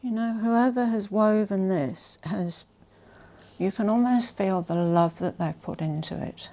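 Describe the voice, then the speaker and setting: A woman vlogger presenting a haul in a casual, gushing and emotional way, often dropping to soft whispers. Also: mid-range voice, measured pace. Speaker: fashion vlogger.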